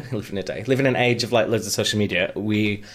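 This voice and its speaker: A man's voice: lowish voice, fairly quick, fairly bright tone. A man with a northern English accent co-hosting a podcast in casual, jokey, teasing chat. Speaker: podcast co-host.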